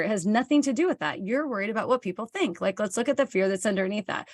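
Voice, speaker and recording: A woman's voice: fairly high pitch, lively intonation, fast talker, few pauses, no echo. A woman from Kansas, hosting a motivational live talk for her team, chatty and candid, answering viewer comments and acting out bits of dialogue. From Kansas, United States.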